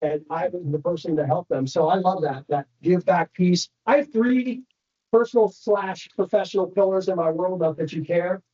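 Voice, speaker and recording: A man giving an animated motivational training talk to a room of real estate agents, telling stories and asking the crowd questions. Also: high voice, normal speed, lo-fi sound. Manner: animated storytelling, addresses the crowd directly.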